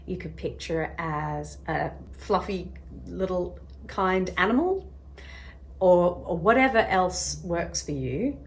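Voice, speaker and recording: A woman's voice: fairly low pitch, animated, slow pace, creaky, a little hiss or hum. A woman hosting a self-help video, talking casually to camera and acting out little voices as she explains. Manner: chatty, acts out little voices in quotes; drops to a soft, quiet tone at times.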